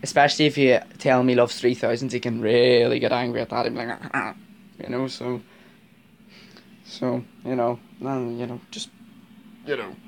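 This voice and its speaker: A man's voice: medium pitch, level tone, normal speed, vocal fry, a little hiss or hum. A man with a Northern Irish accent chatting casually to camera about his model railway, rambling with lots of fillers and frequent laughs. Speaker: vlogger, model railway fan.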